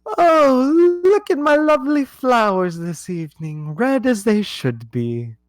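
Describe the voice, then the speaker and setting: A man voicing an imperious, hot-tempered queen in a high, theatrical voice. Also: very animated, slow, heavily acted. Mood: sweet haughty. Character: haughty imperious queen, quick to rage.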